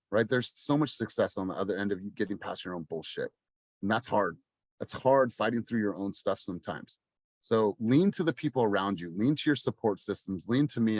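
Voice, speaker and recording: A man in his thirties coaching a sales team on a video call, passionate and blunt, swearing and rising to near-shouting. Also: fairly low pitch, no echo. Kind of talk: motivational team meeting talk.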